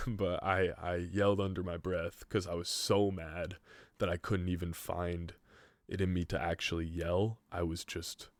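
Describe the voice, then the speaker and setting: A man's voice: low-pitched, little pitch movement, a little slow, no room sound, studio quality. A young man hosting a podcast, telling a rambling story in casual chat, swearing freely and saying "like" often. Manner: rambling, profane, heavy use of "like". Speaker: podcast host.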